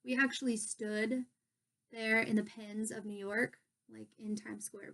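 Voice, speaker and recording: A woman's voice: fairly high pitch, steady tone, normal speed. A young woman, a pageant contestant, telling stories in a casual vlog from her bedroom, bubbly and gushing. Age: young adult.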